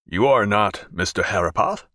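A stern, impassive porter with curt, formal replies, voiced by a man reading a novel. The delivery is low and measured in a dry, close recording. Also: lively intonation, bright, forceful tone, no room sound.

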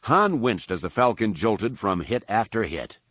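A man with a low voice narrates an action story in a measured, dramatic reading. The recording is dry and close, with almost no room sound. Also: very animated, fairly bright tone, no room sound. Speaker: audiobook narrator. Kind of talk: scripted narration.

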